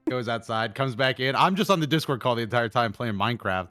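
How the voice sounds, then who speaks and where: A man's voice: mid-range voice, fast talker, faint music behind. Guy cracking up while retelling a story, voice bouncing all over. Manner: excitable, bursts into laughter, quotes others. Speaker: streamer guest. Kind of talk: casual chat on stream.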